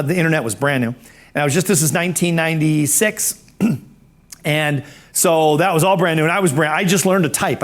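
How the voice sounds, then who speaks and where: A man with a somewhat high voice tells a personal story in an animated way. He acts out the other people he quotes and clears his throat every so often. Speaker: speaker telling his story. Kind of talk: storytelling talk.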